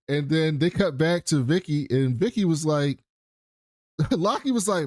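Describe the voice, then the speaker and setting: A man's voice: a little high, moderate pace, darkish tone, no room sound, studio quality. A man co-hosting a podcast, retelling scenes in casual chat, swearing freely and acting out quotes. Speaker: podcast co-host.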